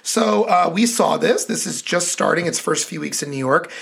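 A man co-hosting a pop culture podcast, leading the talk in a relaxed, casual way. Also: on the high side, moderate pace, creaky, breathy edge. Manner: relaxed, leads segments. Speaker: podcast co-host. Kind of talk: casual chat.

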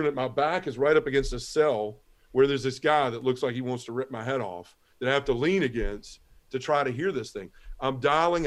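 A man giving a halting, emotional personal testimony as a guest on a talk show, often repeating words as he speaks. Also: mid-range voice. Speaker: guest telling his conversion story.

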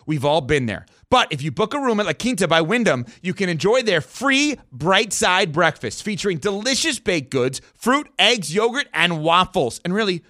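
A man's voice: high voice, pushed and bright, no echo, studio quality. A man reading a scripted radio commercial in a polished, upbeat way. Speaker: ad announcer.

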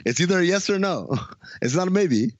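Animated man on a dry, dull mic. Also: sits high, moderate pace, no room sound. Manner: animated, laughing, jokey storytelling. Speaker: podcast host. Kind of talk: casual chat recapping a TV episode.

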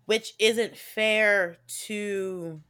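A woman's voice: mid-range voice, fairly even intonation, extremely slow, fairly bright tone, smooth. A woman comedian from the American South in her thirties, with a Southern accent, telling stories animatedly in a casual chat, swearing freely and acting out quotes. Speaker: comedian guest.

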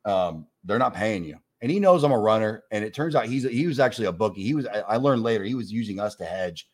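A New York comedian in his forties, appearing as a guest, tells a story in casual chat at a racing pace. His voice is fairly low, and he acts out the voices of the people involved while swearing freely.

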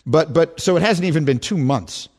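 Lively, high-voiced sports radio host. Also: male voice. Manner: animated, quick to laugh and tease. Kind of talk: casual sports talk.

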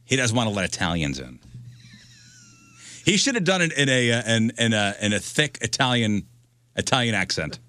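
A man's voice: medium pitch, big pitch swings, moderate pace, pauses often, sharp tone, dry recording. A man hosting a radio show, chatting casually and joking as he reads out news items.

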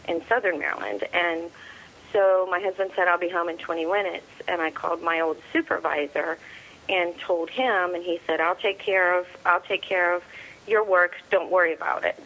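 A middle-aged woman giving an interview as a soldier's mother. She tells her story in a plainspoken, halting way, quoting what each person said. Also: fairly low pitch, fairly bright tone, poor audio. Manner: plainspoken, retells events through quoted dialogue; halting, with frequent fillers and restarts.

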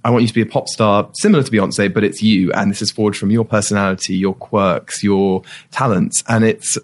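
A man on a show's creative team speaks quickly in a casual interview, laying out his process in long, flowing explanations. His voice sits on the low side, and he keeps up a brisk, steady pace. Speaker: creative team member, guest.

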